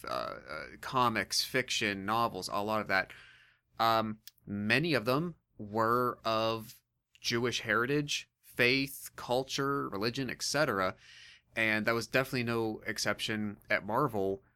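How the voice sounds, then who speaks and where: Low bright-voiced man, halting podcast talk. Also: clean tone. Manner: hesitant, many fillers and restarts. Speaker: podcast co-host presenting comic history. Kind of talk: casual podcast explanation.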